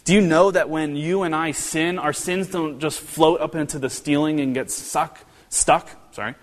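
A man with a fairly high pitch preaches at normal speed in a steady tone, serving as a pastor from northern Kentucky. His sermon is conversational, packed with rhetorical questions and restarts, and a long hall reverb fills the recording.

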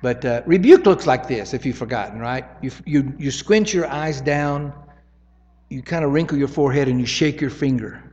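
A man's voice: medium pitch, normal speed, darkish tone, in a large hall, muffled recording. A man preaching a sermon in an easy, conversational teaching way, often checking in with "right?".

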